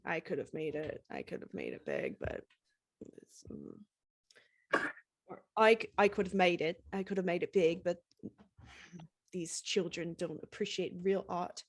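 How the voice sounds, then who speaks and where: A bitter, washed-up male singer who now manages a record store, grumbling and haughty, as a woman puts him on. He talks in a low, self-pitying drawl, as if he was meant for bigger things. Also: very animated, measured pace, gravelly, long pauses, no room sound, clean studio sound, full character voice.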